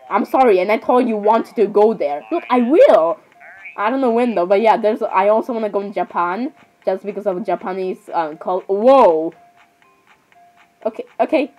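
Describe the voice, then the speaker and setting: A woman's voice: a little high, darkish tone, low-quality recording. A young woman in cosplay, rambling and bantering back and forth as she switches between characters. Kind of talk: cosplay skit reacting to videos.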